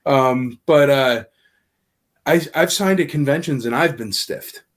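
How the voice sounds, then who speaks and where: A man's voice: medium pitch, measured pace. A man telling stories in a casual podcast chat, acting out quoted dialogue as he goes. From Nashville area. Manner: animated storyteller, acts out quoted dialogue. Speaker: convention organizer guest.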